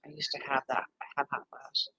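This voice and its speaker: A woman's voice: extremely low pitch, level tone, fairly quick, sharp tone, rough recording. A woman in her forties hosting a live stream, talking candidly and ramblingly with viewers and swearing freely. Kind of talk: casual chat with viewers.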